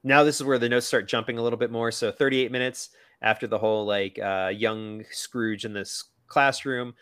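A man's voice: mid-range voice, steady tone, normal speed, fairly bright tone, clean tone, no room sound. A man co-hosting a podcast, chatting casually about a movie with plenty of fillers and playful asides. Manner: chatty, lots of fillers, quotes characters in a silly voice. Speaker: podcast co-host.

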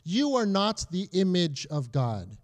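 A man's voice: sits high, very animated, a little slow. A young adult man teaching a Bible lesson in a conversational way, often checking in with his listeners.

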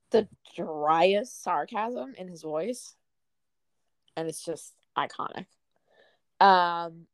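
A young woman with a lowish voice chats casually about favorite lines, dropping "um" between thoughts. The sound is dry and close, with no room around it. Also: no echo. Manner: relaxed, fond, many "um"s. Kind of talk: casual chat.

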